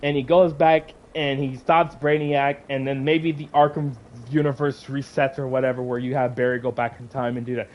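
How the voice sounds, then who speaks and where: A man's voice: medium pitch, flat delivery, moderate pace, hardly any pauses, highs cut off. A man hosting a livestream, ranting angrily with heavy profanity and frequent sighs. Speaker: channel host. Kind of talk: livestream rant.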